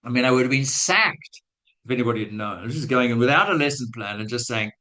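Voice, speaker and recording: A man's voice: mid-range voice, lively intonation, fast talker, pushed and bright, low-quality recording. A man giving a webinar talk to teachers, telling a classroom story in a chatty, self-mocking way with acted-out quotes. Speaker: guest speaker on language teaching.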